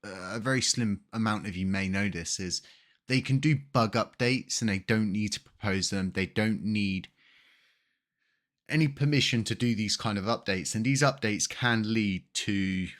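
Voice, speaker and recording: A man with a croaky voice from a cold, hosting his channel and ranting casually with frustration and frequent restarts. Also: lowish voice, normal speed, fairly bright tone. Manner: frustrated, rambling, repeats words. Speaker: crypto channel host. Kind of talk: casual video commentary.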